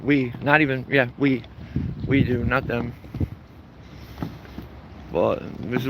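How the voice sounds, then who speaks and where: A man filming himself outdoors in a parking lot, mocking people and shouting slogans as he walks. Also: medium pitch, fairly even intonation, slow, long pauses, background noise. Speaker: protester filming a vlog. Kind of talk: casual outdoor protest vlog.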